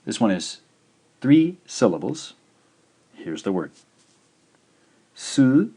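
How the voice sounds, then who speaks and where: Man, very low voice, language teacher, patient, slow and clear, recorded video lesson. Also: very animated, warm tone. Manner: patient, slow, spells out each syllable.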